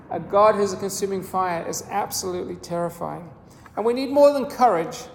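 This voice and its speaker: A preacher giving a sermon in a measured, earnest teaching manner, with a few small restarts. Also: mid-range voice, a little mellow, a little hiss or hum. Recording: echoey hall with long reverb.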